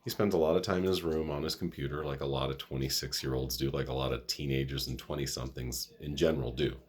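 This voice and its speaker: With a rumbling low voice, fairly even intonation, and a slightly rough edge, this middle-aged man talks fast while hosting his own vlog. His casual monologue to camera is earnest and rambling, full of restarts and self-corrections, and he's a little sniffly.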